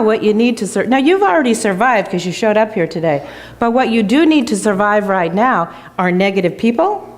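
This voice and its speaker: A woman's voice: mid-range voice, darkish tone. A woman guest speaker giving an enthusiastic motivational talk in a church, telling a joke story. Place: church sanctuary.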